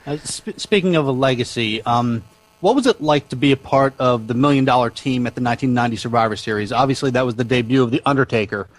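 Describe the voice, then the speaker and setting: A man co-hosting an interview who puts his questions plainly and quickly. He has a mid-pitched voice and a brisk, steady delivery. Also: poor audio. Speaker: co-host, interviewer.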